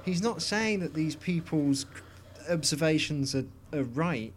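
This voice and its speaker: A man's voice: on the high side, animated, unhurried, slight background noise. Man rambling on a podcast. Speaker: podcast co-host. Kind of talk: casual chat.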